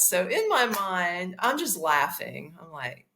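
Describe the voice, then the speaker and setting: A woman hosting a podcast, telling a story in a blunt, profane, animated way and acting out the dialogue. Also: a little high, normal speed, hardly any pauses. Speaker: podcast host. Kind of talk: casual storytelling monologue.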